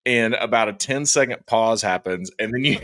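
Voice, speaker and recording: A man's voice: on the low side, normal speed. A man, co-hosting a casual podcast and telling stories that act out what others said. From Georgia, US. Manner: animated storyteller, acts out quotes. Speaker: podcast co-host. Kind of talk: casual chat.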